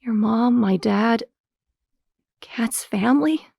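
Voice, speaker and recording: A woman plays a defiant, weary young heroine in an audio drama, her voice slightly gravelly. She speaks bluntly, recorded dry and close. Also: a little high, takes it slowly, darkish tone, no echo, exaggerated voice.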